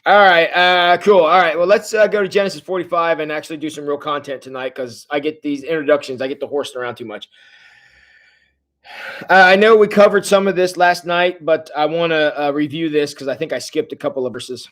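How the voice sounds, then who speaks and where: On a casual livestream, a male pastor walks viewers through a Bible story, lively and chatty, answering their comments along the way. He speaks briskly in a voice on the high side.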